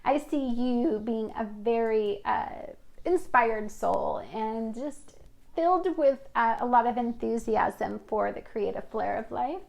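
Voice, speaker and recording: A woman's voice: on the high side, slow pace, creaky, darkish tone. A woman giving a casual tarot reading, talking in a chatty, rambling way with fillers. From Washington state. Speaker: tarot reader.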